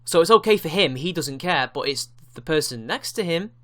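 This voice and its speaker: A man's voice: a little high, animated, fairly quick, sharp tone. A man giving a ranting online commentary, indignant and sarcastic, with frequent swearing. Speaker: YouTube commentator.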